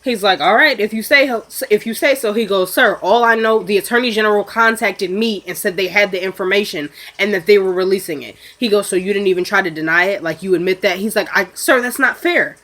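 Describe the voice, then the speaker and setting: A woman's voice: mid-range voice, fairly bright tone. Chatty woman recapping a TV episode. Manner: chatty, acts out characters' lines in quick asides. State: sniffly. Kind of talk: casual recap chat.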